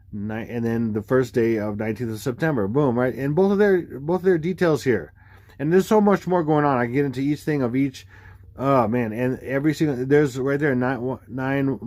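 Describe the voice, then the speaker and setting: A man explaining dates and numbers on screen in a rambling, excitable way, full of fillers and sudden exclamations. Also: medium pitch, no room sound. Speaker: video creator explaining number theories. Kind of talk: casual screen-share commentary.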